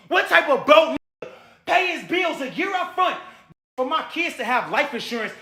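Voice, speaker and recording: Man, very high and bright voice; heated cursing livestream rant in an echoey room. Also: lively intonation, normal speed. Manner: heated, cursing, shouting at viewers. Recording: roomy echo.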